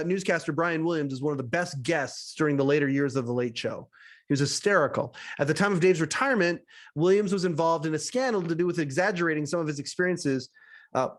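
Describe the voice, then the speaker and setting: A man hosting a podcast, reading aloud his own written story, often chuckling between sentences and getting emotional. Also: a little high. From Canada. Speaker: podcast host.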